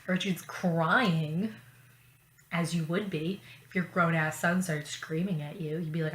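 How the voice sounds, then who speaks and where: A woman vlogging in casual chat, talking in a chatty, profane way with quick asides. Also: lowish voice, steady tone. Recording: roomy echo, faint ambience.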